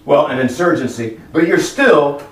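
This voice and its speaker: A man preaching a lively sermon in a church hall, acting out voices as he tells stories. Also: on the high side, moderate pace. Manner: animated, acts out voices in stories. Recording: echoey hall, from far off, faint noise.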